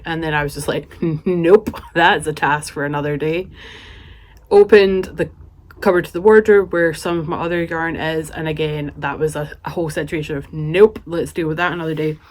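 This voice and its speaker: A woman chatting casually in a knitting vlog while filming with a handheld camera in her home craft room. She rambles and now and then talks to her cat. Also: on the low side. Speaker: knitting vlogger.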